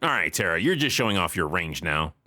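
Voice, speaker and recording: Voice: low-pitched, big pitch swings, a little fast, sharp tone. A host giving comedic commentary on a cartoon, full of wry joking asides. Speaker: reviewer, show host.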